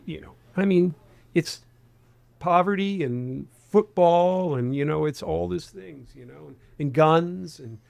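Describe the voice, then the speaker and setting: Speaking unhurriedly in a fairly high, creaky voice with a darkish tone and no echo, a Huntington, West Virginia man in his sixties gives a conversational interview. A faint Appalachian accent colors his rambling, which is full of restarted phrases and fillers.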